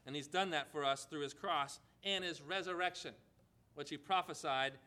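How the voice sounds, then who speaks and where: Male preacher, high and bright, emphatic sermon delivery with questions to the congregation. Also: moderate pace.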